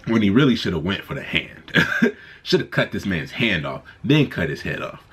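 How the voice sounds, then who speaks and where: A man talks through a movie he loved in a casual review, his husky voice sitting a little low. His pitch swings widely as he gets excited. He rambles and restarts his sentences as the thoughts pile up. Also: normal speed.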